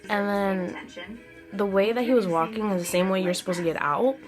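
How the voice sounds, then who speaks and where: A young woman telling a story-time vlog in a chatty, animated way, full of "like"s. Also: medium pitch, fairly quick. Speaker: vlogger. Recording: music playing behind the voice. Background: music.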